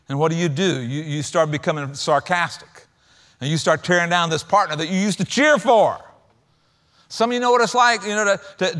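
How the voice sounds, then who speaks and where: A man preaching a sermon in a conversational style, swinging from loud emphatic lines to quiet low asides and acting out quoted lines sarcastically. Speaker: pastor.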